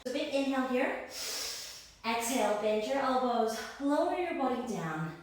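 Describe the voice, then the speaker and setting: A woman's voice: on the high side, expressive, moderate pace. A young woman leading a guided yoga class, cueing breaths and poses in an encouraging way, a little out of breath. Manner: encouraging cues, breath counting. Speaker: yoga instructor. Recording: echoey room, voice from far off.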